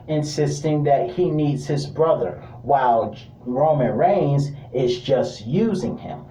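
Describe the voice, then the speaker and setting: A man's voice: mid-range voice, dark tone, reverberant, distant mic, poor audio. A man reviewing a wrestling show in a casual, joking commentary with informal asides.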